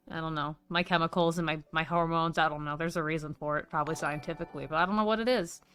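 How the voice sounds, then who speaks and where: A woman's voice: low voice, fairly even intonation, fast talker, a bit bright, smooth, faint music behind. A woman livestreamer chatting casually, swearing freely and gushing thanks to her viewers. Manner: chatty, swears a lot, gushes thanks at donations. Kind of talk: casual stream chat.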